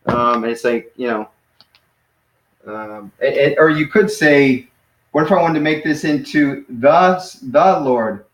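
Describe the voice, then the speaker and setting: A man's voice: medium pitch, a little slow. Easygoing man teaching in an echoey room. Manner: relaxed, encouraging, says "man" and laughs. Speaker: Greek teacher. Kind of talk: casual one-on-one language lesson.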